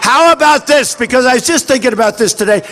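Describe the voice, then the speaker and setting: Older man shouting a rally speech, very high-pitched. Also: fast. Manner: boastful, repetitive, acting out quoted dialogue; shouting to a large crowd. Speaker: political candidate at a campaign rally. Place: large outdoor fairground rally.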